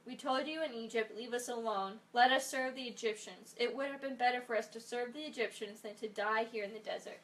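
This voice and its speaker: A woman reading a scripture passage aloud slowly and carefully at a Bible study. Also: a little high, fairly bright tone. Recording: distant from the mic.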